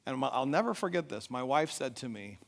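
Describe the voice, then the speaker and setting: A middle-aged man giving a motivational talk at a live event, telling a personal story with animated delivery and asking the audience questions. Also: medium pitch, a little fast, gravelly. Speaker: event speaker. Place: large event hall. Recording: echoey hall reverb.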